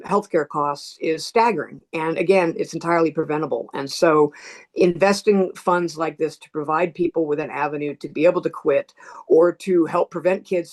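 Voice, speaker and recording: Witness, mid pitch, earnest, halting with fillers. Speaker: testifying witness. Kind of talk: spontaneous public testimony.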